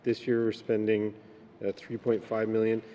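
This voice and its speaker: A man with a mellow, darker voice pitched a little low poses careful questions in a legislative chamber. He talks in a measured way, full of pauses and fillers. His voice carries the long reverb of a large room over a faint hiss. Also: monotone. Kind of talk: committee questioning.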